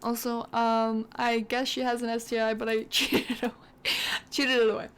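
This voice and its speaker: A woman's voice: on the high side, level tone, moderate pace, clear, resonant tone. Chatty woman rambling through a game story. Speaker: gaming channel host. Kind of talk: casual gameplay storytelling.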